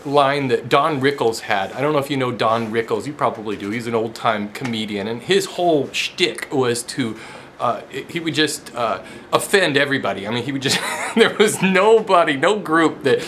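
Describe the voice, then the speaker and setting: A man's voice: medium pitch, moderate pace, fairly bright tone, a little hiss or hum. A man hosting a woodworking show, chatting casually in his shop, self-deprecating and laughing often as he talks. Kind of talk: casual chat to camera.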